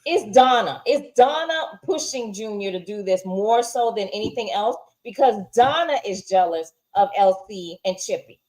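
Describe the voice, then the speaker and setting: A woman's voice: mid-range voice, animated, normal speed, hardly any pauses, a little mellow. A woman co-hosting a casual TV episode review, firmly arguing her view of the plot. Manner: firm, opinionated, insists on her reading of the plot. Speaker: show co-host reviewing a TV episode.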